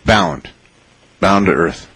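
A man hosting a radio interview, folksy and prone to chuckling, with a husky voice. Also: low voice, takes it slowly, fairly bright tone, dry recording. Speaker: radio host.

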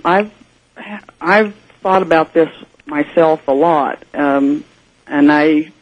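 A man guesting on a radio interview as a ghost investigator, speaking hesitantly with many fillers, heard over dull broadcast audio. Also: a little high.

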